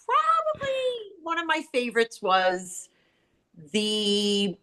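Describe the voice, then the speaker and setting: A woman's voice: mid-range voice, slow pace, smooth. A middle-aged woman from New York, a salon owner telling stories in casual chat, full of fillers and acted-out quotes. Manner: animated, acts out quotes, many "like" and "you know" fillers. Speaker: salon owner and author, podcast guest.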